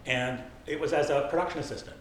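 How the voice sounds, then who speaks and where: A man's voice: a little high, quick pace. A man in his sixties from Canada, giving a chatty, anecdotal talk about podcasting to a live audience at a library event, polling the room and poking fun at himself. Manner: chatty, anecdotal, self-deprecating, polls the audience. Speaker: podcasting workshop presenter. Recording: very echoey room, light background noise.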